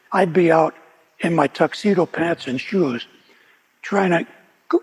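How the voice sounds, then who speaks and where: A guest speaker at a recovery meeting shares his personal testimony, often restarting and repeating words as he tells his story. His voice is high-pitched and slightly rough, with long reverb filling the meeting hall.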